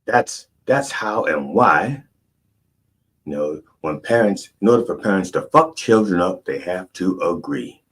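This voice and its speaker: Deep husky male host, rambling irreverent storyteller, comedic monologue. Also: expressive, unhurried, fairly bright tone. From Baltimore. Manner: rambling, self-interrupting, irreverent.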